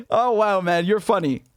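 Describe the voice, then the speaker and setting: Sarcastic British man, high voice. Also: no echo, studio quality. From Britain. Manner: incredulous, sarcastic, repeating rhetorical questions. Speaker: independent journalist and show host. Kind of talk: commentary monologue to camera.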